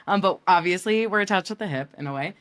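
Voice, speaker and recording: A woman's voice: on the low side, quick pace. A woman in her thirties from New York, chatting as a guest, teasing and laughing often. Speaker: guest, business partner. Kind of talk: casual chat.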